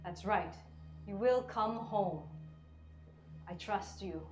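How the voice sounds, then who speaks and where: A woman voicing a stern but loving father who speaks in a low, grave, commanding way. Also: slow pace, roomy sound, music in the background, lightly acted. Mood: solemn. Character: stern loving father hiding his tears.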